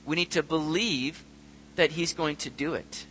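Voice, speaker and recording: A man's voice: on the high side, a little slow, pushed and bright, long reverb tail, slight background noise, low-quality recording. A middle-aged man preaching a sermon in an earnest way, sometimes acting out prayers and voices. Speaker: pastor.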